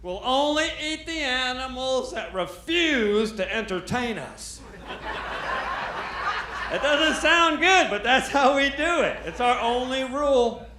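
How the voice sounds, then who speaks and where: A man's voice: very high voice, expressive, slow pace, bright, forceful tone. An American man doing brash, profane stand-up comedy on a club stage. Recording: roomy club with crowd noise. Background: audience laughter.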